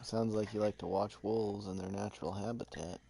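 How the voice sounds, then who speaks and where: A man's voice: on the low side, steady tone, a little fast, vocal fry, warm tone, slightly rough, no echo. A man hosting a casual gaming chat, playful and goofy, teasing his friend.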